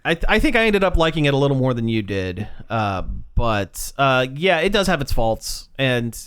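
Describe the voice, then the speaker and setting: A man co-hosting a pop culture podcast in casual chat, relaxed and chatty. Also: mid-range voice, normal speed, smooth. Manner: relaxed, chatty, with frequent restarts. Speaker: podcast co-host.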